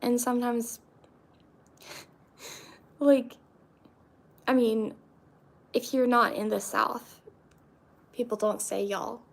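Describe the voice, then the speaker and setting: A woman's voice: on the high side, fairly even intonation, very slow, gravelly, long pauses. A young woman from Florida chatting casually to her viewers, rambling with lots of fillers and restarts. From Central Florida, US. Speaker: vlogger. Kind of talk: casual chat to camera.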